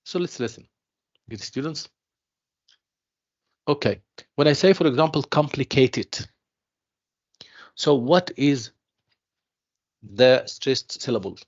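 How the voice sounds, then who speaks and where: A man teaching an English pronunciation class online, speaking slowly and repeating himself, mixing in explanations. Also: medium pitch, expressive. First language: Arabic. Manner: slow, repeats himself, calls students "dear students", mixes in Arabic explanations. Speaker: university English tutor. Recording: dull lo-fi online class audio.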